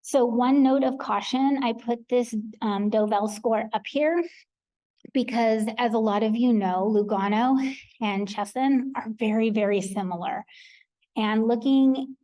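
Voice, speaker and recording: A woman's voice: on the high side, measured pace, warm tone, low-quality recording. An American woman, a research coordinator, giving a practical conference presentation with frequent ums. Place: conference hall.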